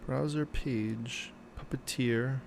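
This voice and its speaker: Gravelly man muttering while he codes. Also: medium pitch, fairly even intonation, a little hiss or hum. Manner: muttering to himself, halting and self-questioning. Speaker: programmer streaming live. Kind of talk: thinking aloud during a live coding stream.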